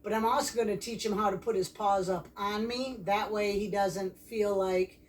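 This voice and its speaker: A woman's voice: medium pitch, steady tone, moderate pace. A woman explaining puppy training outdoors in a plain, practical casual vlog manner. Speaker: dog trainer. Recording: distant mic, faint background noise.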